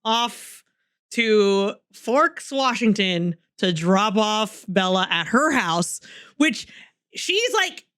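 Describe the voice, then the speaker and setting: A woman's voice: mid-range voice, very animated, extremely slow, fairly bright tone, smooth. A young woman co-hosting a podcast, chatting casually about a book, laughing often and swearing freely. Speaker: podcast co-host. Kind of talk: casual book-club chat.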